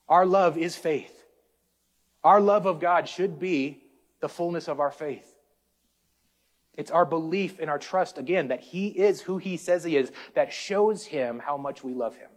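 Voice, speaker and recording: A man preaching a sermon, calling out to the congregation and building up and easing off his intensity. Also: fairly high pitch. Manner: preaching with call-outs to the congregation, rising and falling intensity. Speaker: pastor.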